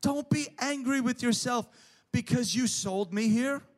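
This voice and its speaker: A man's voice: extremely high pitch, measured pace. A man preaching a sermon, emphatic, building his points through repeated parallel phrases.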